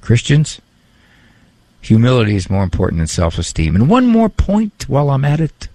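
A man who is a psychologist, giving a casual talk on parenting and faith, animated and fond of mimicking voices for humor. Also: mid-range voice, moderate pace, dry recording. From Italian heritage.

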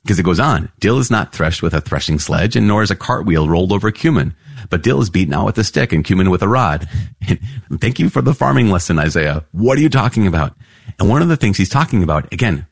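Deep husky man teaching Bible. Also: no echo, studio quality. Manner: conversational, laughs often, rises in pitch for mock surprise. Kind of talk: casual Bible study commentary.

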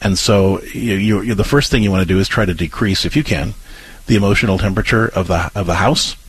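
Low, husky man giving parenting advice. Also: quick pace, no room sound. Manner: earnest, many restarts, acts out comforting lines to a child. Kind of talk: casual advice chat.

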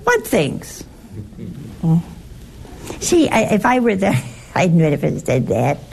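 A woman's voice: on the low side, very animated, moderate pace, creaky, darkish tone, slight background noise. A woman teaching a Bible study to a group in a chatty, teasing way, asking her listeners questions. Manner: chatty, asks the audience questions, teasing humor. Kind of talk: informal scripture talk to a group.

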